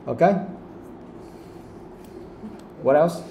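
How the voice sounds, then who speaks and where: Guy teaching english pronunciation live, slow, keeps asking why, mellow voice in an echoey room with faint noise. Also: medium pitch. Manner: asks questions again and again, quotes the audio slowly.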